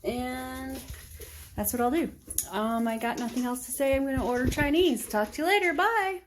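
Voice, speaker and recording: Rambling high-voiced woman vlogging at home. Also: moderate pace, slight background noise. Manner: rambling, talks to herself aloud. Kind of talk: casual chat. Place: at home indoors.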